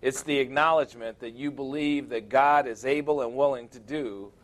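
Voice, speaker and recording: Man preaching with joking asides. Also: mid-range voice. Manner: joking asides with laughter, slows for emphasis. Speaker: preacher teaching a class. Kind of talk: sermon. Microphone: wireless body microphone.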